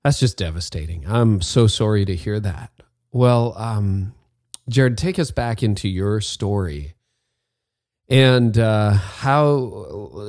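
A man hosting a podcast interview, speaking softly and reflectively as he gently draws out his guest's story. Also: on the low side, no room sound. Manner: soft, reflective, gently prompting. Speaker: podcast host. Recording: dry close studio sound.

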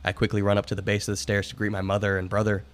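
A man with a low voice reads a ghost story aloud to friends on a podcast. His delivery is dramatic, with some stumbles over words. The tone is plain and unhurried. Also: completely flat delivery. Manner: dramatic reading with occasional stumbles. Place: room with friends, candle lit.

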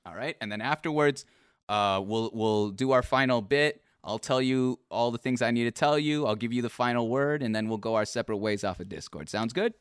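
A man hosting an online interview show, asking set questions and bursting into excited praise. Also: medium pitch, a little fast, clean tone, dry recording, clean studio sound. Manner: animated, breaks into excited laughing praise. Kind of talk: casual online interview over voice chat.

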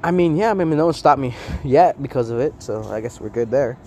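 A man's voice: mid-range voice, brisk. A young man in casual chat with friends, telling a story with lots of laughs and acting out what others said. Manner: animated, laughing, acts out friends' lines.

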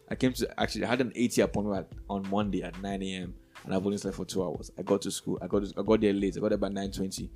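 Man, very low voice, podcast co-host, casual chat, earnest, rambling. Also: steady tone, fast talker, vocal fry, few pauses, darkish tone, soft background music. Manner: earnest, rambling, restarts phrases. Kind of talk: casual chat among friends.

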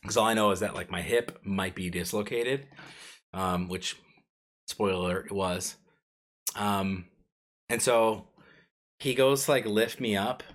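A man's voice: sits low, a bit bright. A man co-hosting a podcast, telling a personal story casually, full of fillers and chuckles. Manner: rambling, filler-heavy, laughs while telling. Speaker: podcast co-host.

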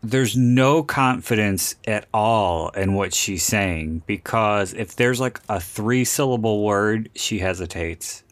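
A man co-hosting a casual movie podcast, blunt and swearing freely, with halting fillers. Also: fairly low pitch, dry recording. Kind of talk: casual movie commentary chat.

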